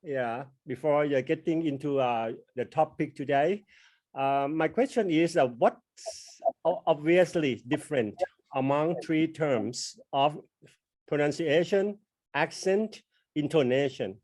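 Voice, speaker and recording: A man hosting an online English class, asking his guest questions formally with many hesitant pauses. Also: a little high, darkish tone, no room sound.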